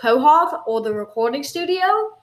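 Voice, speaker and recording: A woman hosting an improvised comedy podcast, talking in a high voice. She rambles and stumbles through her explanations, and the room around her is echoey. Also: expressive. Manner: rambling, halting, lots of fillers. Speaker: podcast host.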